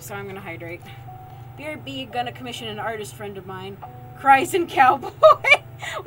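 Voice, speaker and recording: A woman livestreaming as she makes soap, chatting casually, laughing often and reading chat aloud. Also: on the high side. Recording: lofi music in background. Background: lofi music playing.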